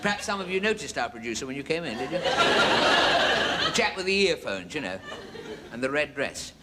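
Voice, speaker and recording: A man's voice: medium pitch, big pitch swings, moderate pace, heavy background noise. A man telling a long joke on stage in a dry, chatty way with asides. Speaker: comedian. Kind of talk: stand-up monologue.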